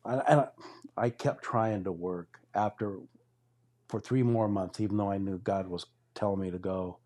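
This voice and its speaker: A man in his sixties with a low-set, warm and mellow voice tells his life story in a loose, rambling way. He drifts from one memory to the next and acts out bits of dialogue as he goes, in casual, unscripted speech. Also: fairly even intonation, moderate pace. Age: 60s. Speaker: guest sharing his testimony. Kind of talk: casual spoken testimony.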